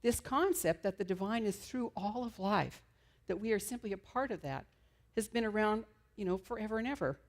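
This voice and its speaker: A woman's voice: mid-range voice, animated, moderate pace. A middle-aged woman minister giving an enthusiastic, conversational sermon.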